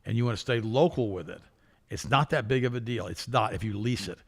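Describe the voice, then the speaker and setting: A middle-aged man co-hosting a talk show, speaking quickly with a gravelly voice. He reads news pieces aloud and breaks in with sarcastic opinions. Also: medium pitch. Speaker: co-host.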